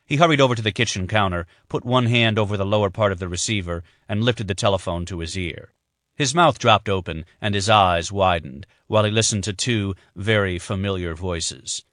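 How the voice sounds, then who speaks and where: A man reading a thriller audiobook in a measured, even narration. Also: fairly low pitch, dry recording, clean studio sound. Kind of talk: scripted narration.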